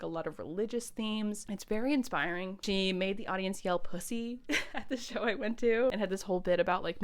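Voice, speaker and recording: A woman's voice: lowish voice, clear, resonant tone. A woman casually reviewing albums on her vlog, chatty and enthusiastic, swearing and laughing often. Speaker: music vlogger.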